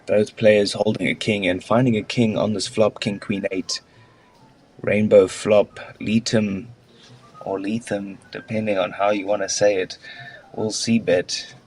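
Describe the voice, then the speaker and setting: A man co-hosting live poker commentary, weighing each spot in measured strategy talk and answering jokes with dry humour. His voice sits on the low side. He speaks at a very unhurried, deliberate pace. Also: little pitch movement, darkish tone, husky, poor audio. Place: commentary booth at a poker event.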